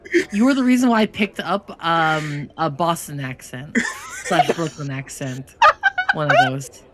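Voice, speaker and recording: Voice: mid-range voice, unhurried, very noisy. A guest on a stream, making dry jokes in casual chat.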